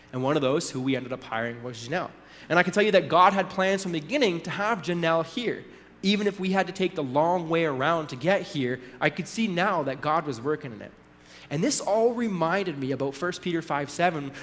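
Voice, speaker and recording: In a long hall reverb, a man's fairly bright, high-leaning voice carries a conversational sermon. The pastor tells a story, tossing in casual asides and little character voices.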